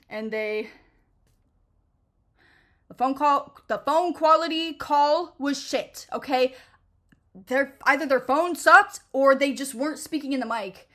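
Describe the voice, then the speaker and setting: Fast-ranting young woman, bright pitch. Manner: profane, animated and sarcastic, lots of fillers like "like" and "um". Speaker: vlogger. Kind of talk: casual storytime rant.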